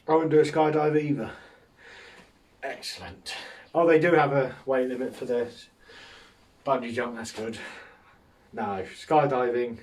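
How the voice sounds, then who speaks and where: A man's voice: mid-range voice, measured pace, pauses often, darkish tone, far from the mic. A man hosting a casual solo podcast, rambling through jokes with a self-mocking humour and frequent chuckles. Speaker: podcast host.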